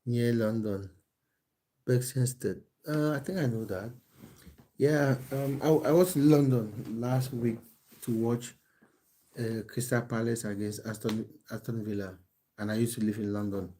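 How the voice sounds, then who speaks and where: A football coach who live streams chats casually from his home in England, reading viewer comments over a phone mic. His mellow voice is fairly low, and he's chatty yet hesitant, with many restarts and fillers.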